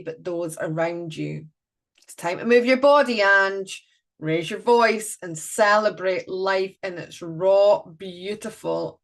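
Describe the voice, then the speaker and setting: A woman doing a live oracle card reading, chatty and playful, breaking off to greet viewers. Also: fairly low pitch.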